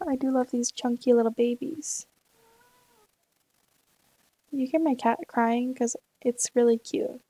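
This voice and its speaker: A woman's voice: on the high side, fairly even intonation, slow pace, long pauses, warm tone, dry recording. A young woman chatting casually while playing a game, rambling and talking herself in and out of choices. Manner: rambling, indecisive, talks to herself. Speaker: gaming YouTuber. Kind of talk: casual let's-play chat.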